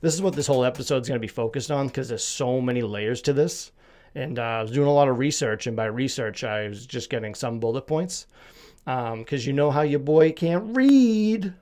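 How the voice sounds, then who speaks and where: A man's voice: medium pitch, quick pace, darkish tone. A man from Massachusetts hosting a solo podcast, chatting casually in a rambling, self-deprecating, jokey way with a slight lisp. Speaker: podcast host.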